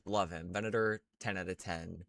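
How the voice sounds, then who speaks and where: A man's voice: low voice, steady tone, normal speed, gravelly. A young man chatting casually in a rambling, crude, gushing way as he ranks characters. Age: young adult. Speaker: vlogger. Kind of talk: casual ranking chat.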